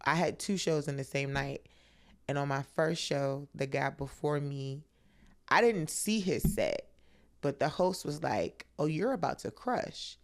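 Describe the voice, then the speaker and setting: A woman's voice: very deep voice, measured pace. Chatty woman comedian, guest on a podcast. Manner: chatty, many "like" fillers, animated retelling. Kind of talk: casual chat.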